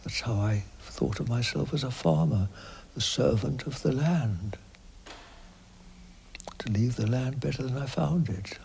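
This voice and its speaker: An older man giving an unhurried spiritual interview, speaking softly and often dropping to a near whisper, reflective and halting with many pauses and fillers. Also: medium pitch, lively intonation, vocal fry, a little hiss or hum. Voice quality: soft, partly whispered, halting.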